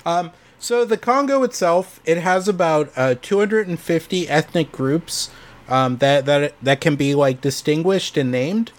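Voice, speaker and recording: A man's voice: a little high, unhurried. A man on a casual podcast presenting facts, hesitant with many ums and restarts. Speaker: podcast host presenting research.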